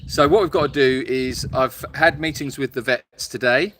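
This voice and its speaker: A tired man talks outdoors into a phone held up for a live stream, with a bright, forceful voice. He rambles along, stalling on fillers and repeats as he answers viewers from the sanctuary. Animals and birds can be heard faintly behind him. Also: mid-range voice, a little hiss or hum. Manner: rambling, halting with many fillers. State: tired and hot. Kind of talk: casual live-stream chat reading viewer comments.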